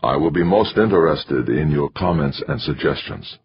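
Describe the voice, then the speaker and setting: A man with a husky voice voicing a reserved mission director who speaks in a stiff, clipped, formal manner, in a dull lo-fi recording. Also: extremely low pitch, normal speed, exaggerated voice.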